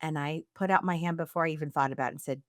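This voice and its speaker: A woman co-hosting a podcast, telling a story in a casual, animated way and acting out the quoted lines. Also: low-pitched, racing, no room sound, clean studio sound. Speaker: podcast co-host.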